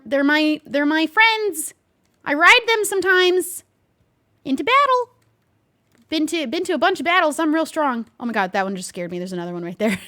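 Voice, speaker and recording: Woman streamer with a pretty high voice, chatty and jumpy, talking to someone she can't find in the game. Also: sharp tone. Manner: jumpy, easily startled, chatty, talks to an unseen player. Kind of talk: casual gameplay commentary with light role-play.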